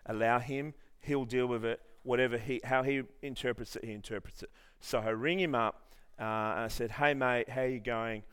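A man's voice: medium pitch, steady tone, moderate pace, a bit bright, smooth. A man preaching a sermon, telling a story with many restarts and then leading the congregation in earnest prayer. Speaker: pastor.

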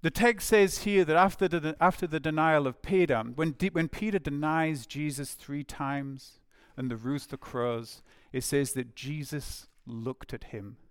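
Male preacher, slightly high voice, chatty sermon delivery with questions to the room. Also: a little slow, clear, resonant tone, dry recording, clean studio sound. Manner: conversational, asks the listeners questions, voices imagined speakers.

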